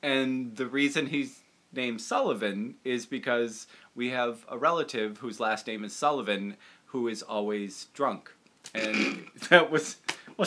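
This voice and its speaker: A man's voice: medium pitch, a bit bright. A young man from the Boston area, a puppeteer hosting a casual livestream chat, rambling and self-deprecating. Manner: rambling, self-deprecating, quick to jump into voices.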